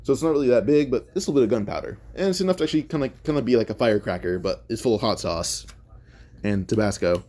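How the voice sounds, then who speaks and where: A man with a dark, mellow tone and a middle-of-the-road pitch tells a fan-made story off the cuff. He rambles and thinks out loud, and often stops to correct himself. The delivery is loose and conversational rather than scripted. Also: animated, quick pace. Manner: rambling, thinks aloud with many self-corrections. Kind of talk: casual improvised retelling.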